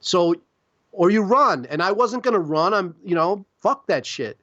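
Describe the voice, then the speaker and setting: A middle-aged man from Chicago talks in a loose, profane ramble, filling his sentences with "like" and "you know". His voice sits high for a man. The recording is dry and a little dull. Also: expressive, measured pace, fairly bright tone, dry recording. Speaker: podcast guest, publisher. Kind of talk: casual interview storytelling.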